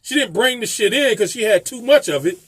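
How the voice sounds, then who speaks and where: A man's voice: very high-pitched, expressive, a little fast, fairly bright tone, husky, no room sound. A man casually telling a profane story, laughing often. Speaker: vlogger telling a landlord story.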